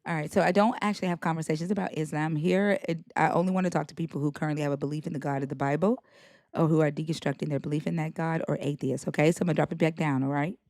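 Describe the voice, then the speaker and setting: A woman's voice: sits low, fairly even intonation, very fast, darkish tone, dry recording, clean studio sound. A woman hosting a live stream, blunt and profane, cracking up with her co-hosts. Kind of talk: casual live chat.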